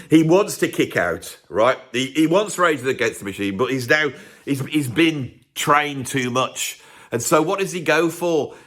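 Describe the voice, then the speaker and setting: A man's voice: mid-range voice, a bit bright. A man from the UK hosting a music video, rambling sarcastically in a comic monologue to camera. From United Kingdom. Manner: sarcastic, rambling, self-interrupting.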